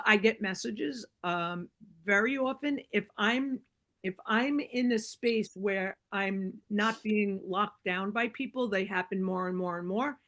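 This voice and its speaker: A middle-aged woman, a podcast guest, telling a personal story in casual conversation, animated and acting out the other people with many fillers and restarts. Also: medium pitch.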